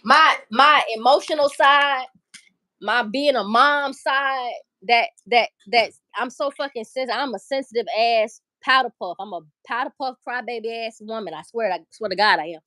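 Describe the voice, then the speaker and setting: A woman's voice: on the high side, moderate pace, pushed and bright, dry recording. Profane, emotional woman ranting on a livestream. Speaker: livestream host. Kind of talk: casual livestream commentary.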